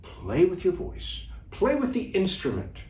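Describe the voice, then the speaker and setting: A man coaching viewers as a communication trainer in an instructional video talk, deliberate and animated. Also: sits high. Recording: echoey room, distant mic.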